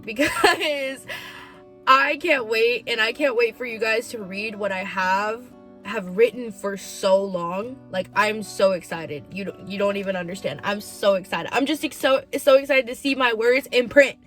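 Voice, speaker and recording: A woman's voice: a little high, measured pace, fairly bright tone, faint music behind. Candid young woman telling a personal story. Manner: emotional, candid, heavy use of "like". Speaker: podcast host. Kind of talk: personal confessional vlog.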